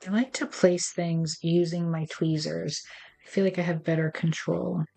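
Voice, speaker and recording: A woman's voice: fairly low pitch, steady tone, moderate pace, gravelly, mellow, soft background music. A woman hosting a craft tutorial, chatty and playful as she talks viewers through each step. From United States. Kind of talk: casual step-by-step craft demonstration.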